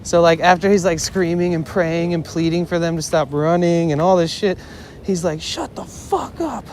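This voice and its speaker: A young man with a slightly high voice tells a story to his live stream, rambling along with lots of "like" and the odd curse word. He sounds like he's out on a city street, with clear outdoor noise around him. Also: level tone, moderate pace, darkish tone. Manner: rambling, full of "like" fillers, swearing, laughing. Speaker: IRL streamer.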